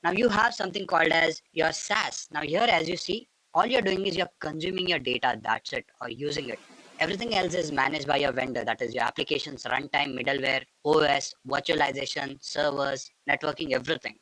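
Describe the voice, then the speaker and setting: Male instructor, slightly high, crisp bright voice, patient explainer with stock phrases. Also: brisk, dry recording, poor audio. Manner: patient, repeats filler phrases like "go ahead" and "and all those things". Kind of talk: explanatory tech lecture.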